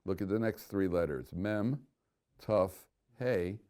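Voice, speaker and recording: Low-voiced rabbi telling stories in class. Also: male voice, slow, darkish tone. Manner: chatty storyteller, chuckles at his own punchlines. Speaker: rabbi teaching a Torah class. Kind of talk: informal Torah lecture with stories.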